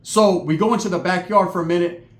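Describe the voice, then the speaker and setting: A man tells a rowdy comic story in a slightly higher voice, full of profanity and street slang. He switches into the voices of other people as he goes. The room around him is echoey. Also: fast. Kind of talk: comedic storytelling monologue.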